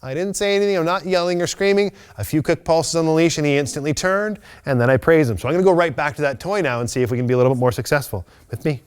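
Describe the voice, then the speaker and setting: A man teaching loose-leash walking to a dog on camera, explaining each step calmly and methodically, with bright bursts of praise. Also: a little high, racing, few pauses, smooth. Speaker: dog trainer. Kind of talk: instructional video demonstration.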